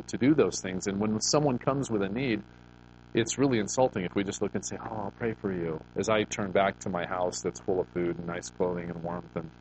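Low-voiced man preaching conversationally. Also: a little hiss or hum, rough recording. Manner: conversational storytelling with many restarts. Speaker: pastor. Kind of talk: sermon.

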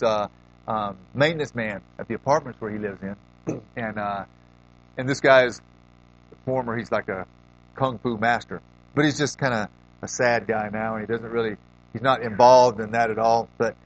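A man retelling a film scene in a sermon-like talk, rambling with restarts and frequent throat-clearing, on a dull lo-fi recording. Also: mid-range voice, slight background noise. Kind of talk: sermon-like storytelling.

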